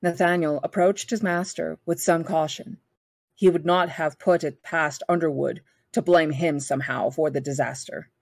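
Low-voiced woman reading a novel aloud. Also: normal speed, breathy edge, no room sound. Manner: steady, self-correcting reading. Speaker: book club reader.

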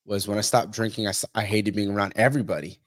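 Man, young adult, podcast guest, blunt, profane, animated storyteller, dry close sound. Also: on the low side, fast, no room sound. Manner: blunt, heavy swearing; animated storytelling, acts out others' lines. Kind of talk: casual interview talk.

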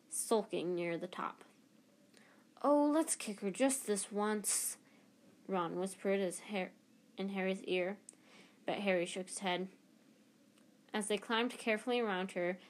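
A woman reading a novel aloud in an unpolished way, with frequent slips and restarts. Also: mid-range voice. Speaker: audiobook reader.

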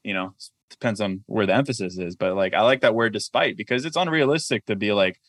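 Low-pitched male author as interview guest; thoughtful, practical, conversational, dry studio sound. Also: fast, fairly bright tone, no echo. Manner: reflective, practical, peppers speech with "like" and "I mean". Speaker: author and podcast host, guest.

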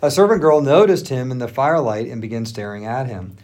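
A man co-hosting a podcast, reading scripture aloud in a steady way that sinks lower and slower at solemn moments. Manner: steady, even reading that drops low and slow at solemn moments. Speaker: podcast co-host.

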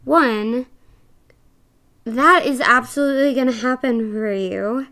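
A woman's voice: a little high, slow, sharp tone. A young woman hosting a podcast, talking in a chatty, earnest way with lots of fillers, a little out of breath. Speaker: podcast co-host. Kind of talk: casual podcast monologue.

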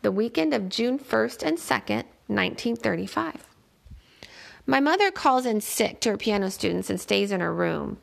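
Woman reading an audiobook, first person, measured, lots of vocal fry. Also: mid-range voice, lively intonation. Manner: measured, plain storytelling. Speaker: audiobook narrator.

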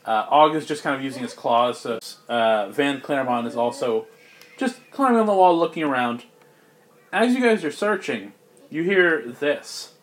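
A man's voice: medium pitch, expressive, normal speed, slight background noise. A man narrating as game master in a tabletop game, loose and joking, with plenty of fillers.

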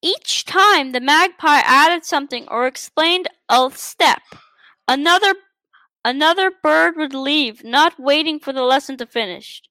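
A woman's voice: high-pitched, unhurried, pushed and bright, no room sound. A woman reading a children's storybook aloud, carefully, with frequent stumbles and restarts. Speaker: story reader.

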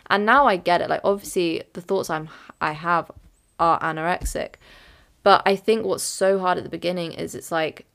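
A young woman talks alone on her podcast, candid and meandering, circling back to fix what she just said. Her voice sits a little low and crackles with steady vocal fry. It sounds like a personal, reflective monologue. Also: normal speed. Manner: candid, rambling, full of fillers and self-corrections. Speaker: podcast host.

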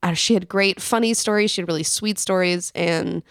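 A woman's voice: on the low side, clear, resonant tone, dry recording, clean studio sound. A woman co-hosting a podcast, chatting in a bubbly, eager way. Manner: bubbly, chatty, quick to agree. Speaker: podcast co-host. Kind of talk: casual podcast chat.

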